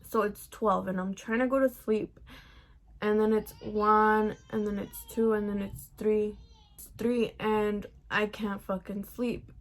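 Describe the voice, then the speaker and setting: Young woman vlogger, gravelly fry, chatty swearing storytime, mid-pitched. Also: fairly even intonation, measured pace. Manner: chatty, profane, heavy use of "like". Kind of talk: casual storytime vlog.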